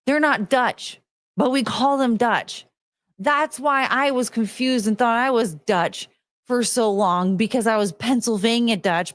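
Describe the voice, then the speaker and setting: A woman's voice: fairly high pitch, dry recording. A young woman hosting a casual commentary stream, rambling and swearing, slipping into mocking voices when she quotes people. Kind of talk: casual rambling livestream chat.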